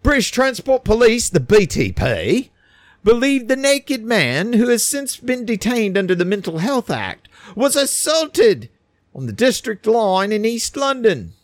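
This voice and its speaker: A man's voice: high-pitched, sing-song, a little slow, dry recording, pitched above the performer's own voice. A man putting on a pompous mock British newsreader voice to read a news story aloud. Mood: mock-formal.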